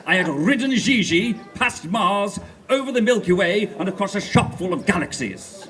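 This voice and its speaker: Mock-grand reader, animated rise and fall, bawdy comic storytelling on stage. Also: male voice, high-pitched, normal speed, soft background music. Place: festival stage.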